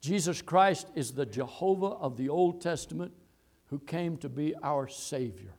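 Preacher man swinging from shouts to hush. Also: expressive, unhurried. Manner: rises to loud high-pitched exhortation, then drops low and quiet; reads and quotes scripture verses. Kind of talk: sermon.

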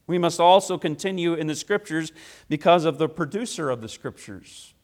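A male preacher with a notably high voice delivers a sermon. He hammers his points home by repeating key phrases and asking rhetorical questions. His delivery swings between loud declarations and hushed asides. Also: normal speed.

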